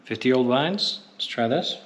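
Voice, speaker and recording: A man's voice: medium pitch, expressive, normal speed. A man giving casual, enthusiastic travel vlog commentary as he tastes food and wine out and about. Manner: chatty and enthusiastic, savoring food and wine aloud. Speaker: travel vlogger. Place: outdoors at a busy Christmas market. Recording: outdoor street noise.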